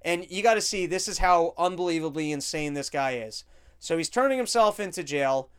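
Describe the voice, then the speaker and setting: A man's voice: a little high, animated, a little fast, smooth. A man hosting a podcast, commenting on video clips in a crude, joking, rambling way. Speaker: podcast host.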